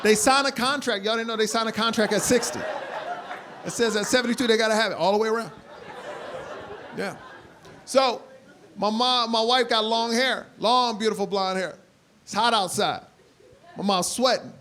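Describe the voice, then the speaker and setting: A man in his forties doing stand-up on stage in front of a live crowd, with a bright, fairly high voice. He tells stories animatedly and breaks into loud, shouted impressions. Faint room noise sits behind him. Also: normal speed, pauses often. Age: 40s. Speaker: stand-up comedian. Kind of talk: stand-up comedy. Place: comedy stage before a live audience.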